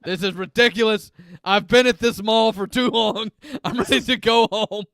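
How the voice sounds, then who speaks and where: Man doing a sarcastic scratchy mall Santa, high bright voice, dry close mic. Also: steady tone, moderate pace, no echo. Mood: grumpy. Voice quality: scratchy, smoker's voice. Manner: sarcastic, scolding. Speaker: co-host. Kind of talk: comedy bit on a sports podcast. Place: small closet studio.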